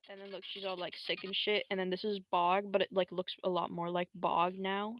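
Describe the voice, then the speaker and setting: Bright-voiced young woman streamer, slangy. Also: flat delivery, moderate pace, dry recording, poor audio. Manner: slangy and rambling, full of fillers and swearing; jumps into squeaky high voices to quote her characters. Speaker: livestreamer. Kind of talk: casual live-stream commentary.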